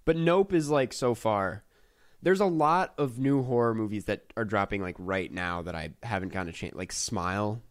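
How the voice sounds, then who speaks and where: A man's voice: lowish voice, moderate pace. Loose, laughing male podcast host. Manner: loose, lots of ums and laughs. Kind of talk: casual chat.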